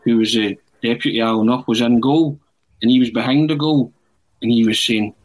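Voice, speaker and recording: A man's voice: medium pitch, brisk, low-quality recording. A middle-aged Scottish man, a podcast guest, telling a long anecdote in casual chat and acting out what people said. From Scotland. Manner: animated anecdote-teller who acts out quotes with loud shouts.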